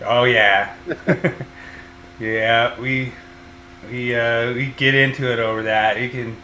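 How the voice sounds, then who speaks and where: Bright-voiced man chatting in a roomy space. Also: medium pitch, steady tone, slow, a little hiss or hum. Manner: rambling, with frequent fillers and restarts. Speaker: podcast host and electrician. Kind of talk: casual podcast chat. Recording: roomy echo.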